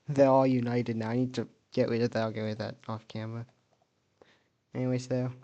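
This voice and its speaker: A man's voice: mid-range voice, flat delivery, brisk, dark tone, dull audio. A man casually narrating an alternate-history map video, thinking aloud and correcting himself as he goes.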